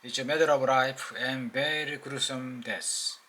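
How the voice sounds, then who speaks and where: A man's voice: mid-range voice, steady tone, a little slow, pushed and bright. Korean man reading as a blunt impatient engineer.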